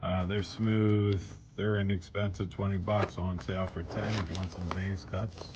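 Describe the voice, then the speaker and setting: A man's voice: low voice, flat delivery, normal speed, muffled recording, noisy background. A man, a bead shop owner walking through his weekly specials in rambling, jokey sales patter while holding the camera himself. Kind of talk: casual product showcase. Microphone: handheld camera he is holding himself. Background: loud background music.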